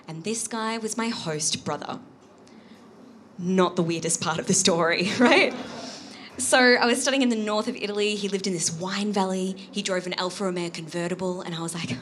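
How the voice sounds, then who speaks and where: An Australian woman in her thirties performs a chatty stand-up set on a live comedy stage. Her voice sits fairly low, and she keeps tagging her lines with "right?" A faint hiss runs under the recording. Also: brisk, a bit bright. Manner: chatty, frequent "right?" tag questions.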